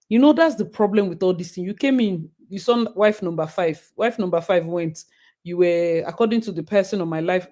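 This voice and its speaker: A woman hosting a live stream, chatting casually and thanking viewers with bursts of excitement. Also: lowish voice.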